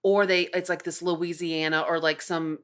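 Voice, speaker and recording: A woman's voice: on the low side, little pitch movement, normal speed, fairly bright tone, clean tone. A woman from the American South with a Southern accent, co-hosting a movie podcast and chatting in a rambling way, full of restarts. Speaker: podcast co-host. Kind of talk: casual chat.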